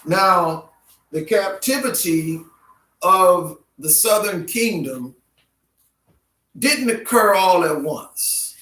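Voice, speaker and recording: A man lectures on Bible history, slow and deliberate, stopping to repeat each name in its alternate pronunciations. His voice sits high for a man. He sounds far from the mic in a roomy, echoing space. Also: expressive, sharp tone. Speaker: Bible teacher.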